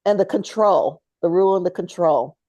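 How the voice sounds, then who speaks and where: A woman's voice: lowish voice, normal speed, mellow, no room sound. A middle-aged woman co-hosting a spiritual talk show, chatting casually and telling stories with a laugh. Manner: storytelling, chatty, laughs often. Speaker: podcast co-host.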